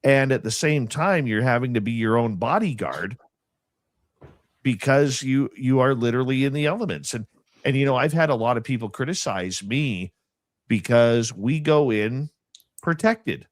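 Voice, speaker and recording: A man's voice: mid-range voice, normal speed, dry recording. Radio host man with a dry sound. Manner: animated storyteller, relishes creepy experiences. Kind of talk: casual conversation, telling anecdotes.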